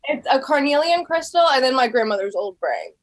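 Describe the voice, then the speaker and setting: A woman's voice: high-pitched, big pitch swings, a little fast. A young woman with a thick Philadelphia accent, chatting over a video call and laughing as she talks. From Northeast Philadelphia. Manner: giggly, chatty, peppered with "like". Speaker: fan caller on video call. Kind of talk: casual chat.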